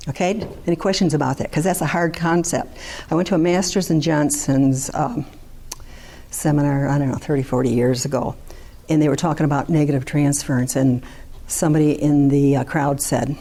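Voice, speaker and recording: A woman's voice: sits low, normal speed, warm tone. An older woman, a therapist, giving a candid talk to an audience and mixing in personal asides. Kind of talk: lecture to an audience.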